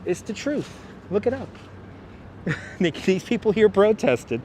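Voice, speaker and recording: A New York man walks a city waterfront, chatting and joking with his livestream viewers. His voice sits a little high. A clip-on mic catches him up close, with faint traffic noise outdoors. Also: big pitch swings, slow pace, darkish tone. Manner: chatty, jokey, addresses the chat. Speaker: livestream host. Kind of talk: live walking tour commentary. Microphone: wireless clip-on mic.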